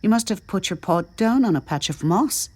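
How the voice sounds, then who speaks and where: A woman voicing a kind, caring woman scientist who speaks gently, at times in a whisper. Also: mid-range voice, expressive, moderate pace, voice pushed up, close to an everyday voice. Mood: gentle.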